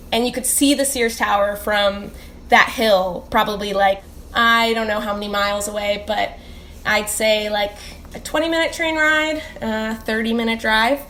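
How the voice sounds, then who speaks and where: A woman's voice: fairly high pitch, a bit bright. A young woman from the Chicago suburbs, a geology PhD student, explaining eagerly with many fillers. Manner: enthusiastic, filler-heavy explanations. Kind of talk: interview answers. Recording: faint background noise.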